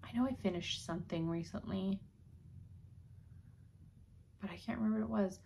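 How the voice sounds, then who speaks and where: A woman's voice: medium pitch, normal speed, creaky, warm tone, slight background noise. A woman in her thirties hosting a casual, rambling video chat, full of ums and likes. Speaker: video host.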